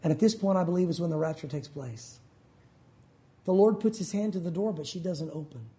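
A man's voice: fairly quick, dark tone. A man preaching a sermon with an emphatic delivery, now and then acting out the voices in the verses he quotes. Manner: acts out quoted voices, rising pitch for pleading lines.

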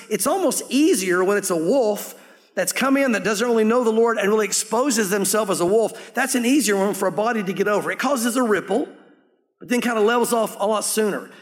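A man's voice: sits high, long reverb tail. A man preaching a sermon as pastor, in a conversational way that slips into acting out quoted voices.

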